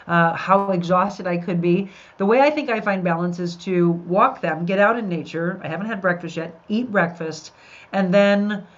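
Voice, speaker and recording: A middle-aged woman hosting a podcast, chatting upbeat and talking straight to her listeners. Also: lowish voice. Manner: upbeat, addresses listeners directly. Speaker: podcast host. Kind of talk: live podcast chat with viewers. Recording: dull lo-fi sound.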